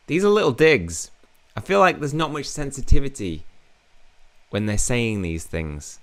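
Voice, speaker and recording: A man's voice: medium pitch, big pitch swings, a little slow, no echo. A man in his thirties casually commenting on a game he is playing, with jokey, self-mocking asides. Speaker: gaming channel host.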